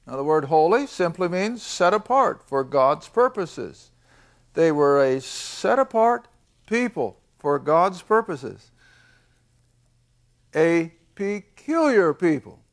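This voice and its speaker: An older man teaching a Bible lesson to a class. He reads verses slowly, asks questions and answers them himself, and stresses his points with emphasis. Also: high-pitched. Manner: reads scripture slowly, then explains it.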